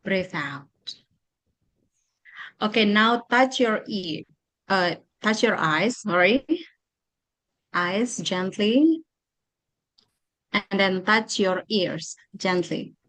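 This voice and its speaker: A woman with an Indonesian accent presenting a teacher-training workshop, guiding a mindfulness exercise with slow, repetitive instructions and many pauses. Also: medium pitch, fairly bright tone. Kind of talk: guided mindfulness workshop talk.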